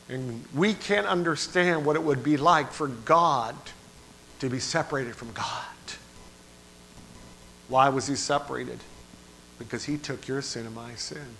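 A man preaching a sermon, moving from quiet, low passages to loud, dramatic cries. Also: measured pace, pauses often, a little hiss or hum. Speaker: pastor.

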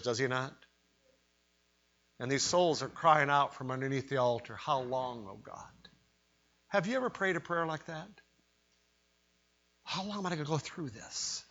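Emphatic male preacher, lo-fi recording. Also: on the high side. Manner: emphatic, rising to loud cries on quoted pleas. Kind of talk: sermon. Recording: dull lo-fi sermon recording.

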